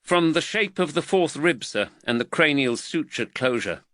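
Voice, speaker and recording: A man's voice: fairly high pitch, lively intonation, moderate pace, a bit bright, no echo, voice pushed up. A man voicing a nervous young medical student. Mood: earnest.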